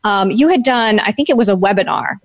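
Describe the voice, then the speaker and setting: A woman's voice: mid-range voice, a little fast. A woman hosting a podcast conversation, encouraging her guest with frequent affirmations. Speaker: podcast host. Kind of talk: casual chat.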